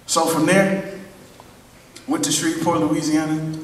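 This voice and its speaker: A man in his thirties telling his life story to a live audience at a drum clinic, animated and laughing often. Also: fairly high pitch, a little slow, far from the mic, a little hiss or hum. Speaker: drummer giving a clinic talk. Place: large hall at a drum event. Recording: echoey hall, voice from afar.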